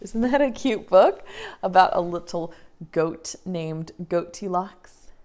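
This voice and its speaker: A young woman, a preschool teacher, reading a story and talking gently to young children in a sing-song way. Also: fairly low pitch, animated, slow pace.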